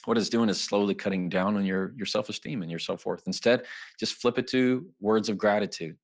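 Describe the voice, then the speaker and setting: A man in his thirties, a trial attorney, talking as a guest in a podcast interview and acting out quoted speech in lively voices. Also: fairly low pitch, brisk.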